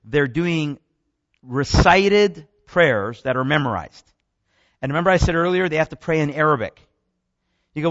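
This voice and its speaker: A man delivers a spoken lecture, speaking at an ordinary pitch. He often trips over words and restarts phrases, drifting into asides. The recording is muffled and dry. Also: lively intonation, moderate pace, a bit bright, no echo. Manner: rambling, many restarts and asides.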